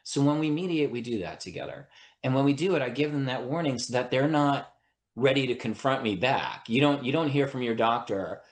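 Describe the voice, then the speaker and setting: A man's voice: medium pitch, fairly quick, reverberant. A man, an attorney and mediator, speaking as a podcast guest. He explains his ideas earnestly, often checking in with "right?" and restarting his sentences. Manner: earnest, breaks thoughts with frequent "right?" and restarts. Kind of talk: explanatory interview conversation.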